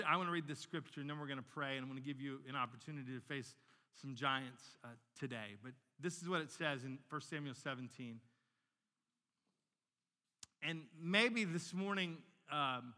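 Bright-voiced man preaching a sermon. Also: a little high, long reverb tail. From Northern Virginia, United States. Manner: animated storytelling, repeating words as he restarts. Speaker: pastor.

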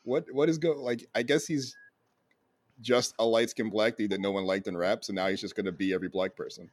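A man's voice: on the low side, fairly even intonation, fairly quick. A man in his thirties in casual chat, making dry, wry remarks. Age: 30s.

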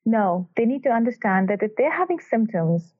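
A woman's voice: on the high side, big pitch swings, normal speed. A woman cardiologist answering podcast interview questions in an earnest, emphatic way, telling stories about her patients. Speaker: cardiac electrophysiologist guest. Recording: tinny phone-line sound.

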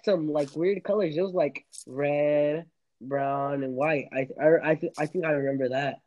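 A man's voice: on the high side, fairly even intonation, moderate pace, darkish tone, dull audio. Rambling young man on a podcast. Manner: rambling, restarts and laughs often. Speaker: podcast host. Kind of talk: casual chat.

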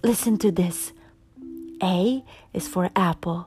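A woman voicing an excited little boy back from his first day at kindergarten, over background music. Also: lowish voice, slow pace. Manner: excited, announcing.

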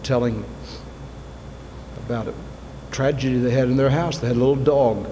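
A man preaching a sermon in a church, moving from soft, intimate asides to loud, fervent appeals. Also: medium pitch, steady tone, normal speed. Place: church sanctuary. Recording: long reverb, faint ambient noise.

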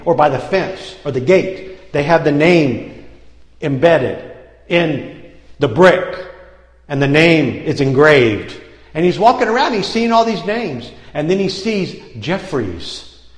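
A man preaching a sermon as a story, acting out the people in it and calling out for amens from the congregation. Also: fairly high pitch. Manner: animated, acts out quotes, calls for amens. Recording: echoey hall, long reverb.

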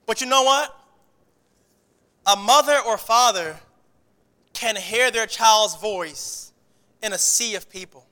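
A male pastor delivers an animated sermon in a high, bright voice, often stumbling and restarting mid-phrase. His words ring out with the long reverb of a church hall. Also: slow pace, long pauses. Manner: animated preaching with many restarts.

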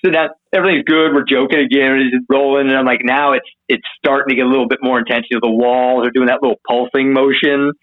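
A man telling a wild story as an interview guest, casual and profane, acting out what people said in a higher voice. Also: fast, hardly any pauses, narrow, tinny audio. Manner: animated, profane, acts out quotes in a higher voice.

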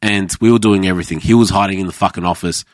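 A low-pitched man in his thirties talks casually about his years as a chef. He swears freely and slips into other people's voices as he tells his stories. The sound is close and dry. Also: fairly even intonation, rapid-fire, no echo. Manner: sweary storytelling, acts out quoted voices. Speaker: former chef, guest. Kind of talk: casual podcast chat.

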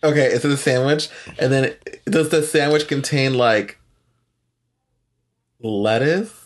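A man's voice: mid-range voice, unhurried. A man co-hosting a casual chat, asking curious questions with lots of hesitant fillers. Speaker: podcast co-host.

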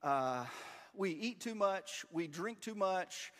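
Preacher, man in his forties, animated storyteller with a slightly high voice, long church reverb. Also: slow. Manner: storytelling, self-deprecating and animated. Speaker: pastor. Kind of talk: sermon. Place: church sanctuary.

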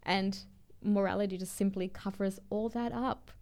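Woman, co-host, mid pitch, thoughtful and summarizing, casual academic talk. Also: fairly even intonation, moderate pace, darkish tone.

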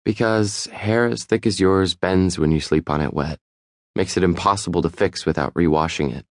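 A man voicing a sharp, observant young woman who questions bluntly in audiobook dialogue. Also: sits low, no echo, studio quality. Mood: probing. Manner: brisk, deductive questioning.

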